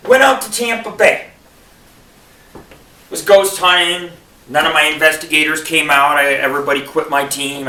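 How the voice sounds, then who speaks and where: A man's voice: high-pitched, pushed and bright. A man from Buffalo hosting a radio show, telling rambling, profane stand-up style stories. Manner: profane, rambling and digressive storytelling. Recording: echoey room, far from the mic.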